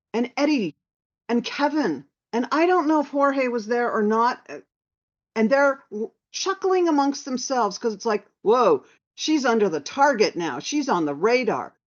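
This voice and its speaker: A woman telling a personal anecdote in a casual, animated way, acting out what others said. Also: on the high side. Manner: animated, quoting others in lively voices. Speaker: storyteller sharing memories. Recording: dull lo-fi sound.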